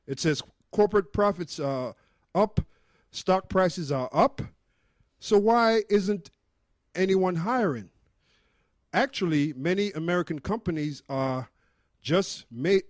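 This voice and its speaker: A man's voice: on the high side, lively intonation, measured pace, no echo. Earnest man reading out an article, dry sound. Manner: earnest, explanatory, with fillers and restarts. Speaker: member of a religious group presenting research.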